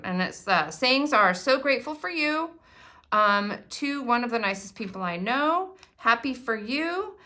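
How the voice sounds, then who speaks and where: A middle-aged woman chats through a casual unboxing vlog, exclaiming and gushing over each item. Her voice sits slightly high with a bright, forceful edge. She sounds like she is recording at home, close to her own camera. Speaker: craft product demonstrator.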